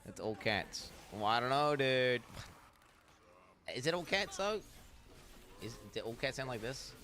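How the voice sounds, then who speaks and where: A man's voice: mid-range voice, a little slow. A young man streaming, chatting casually and rambling with lots of swearing as he reacts to videos. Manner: profane, rambling, animated. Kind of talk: casual chat.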